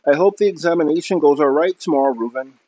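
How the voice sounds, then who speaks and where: A man's voice: a little high, quick pace, warm tone, no echo, voice pushed up, natural voice. A man reading aloud, voicing an earnest, polite teenage boy who speaks a little hesitantly. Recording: dull lo-fi recording.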